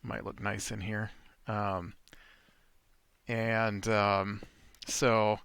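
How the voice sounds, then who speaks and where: A man's voice: fairly low pitch, flat delivery, very slow, vocal fry, fairly bright tone, smooth, dry recording. A man hosting a let's play, telling a rambling story in casual chat while he plays. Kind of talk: casual chat while playing a video game.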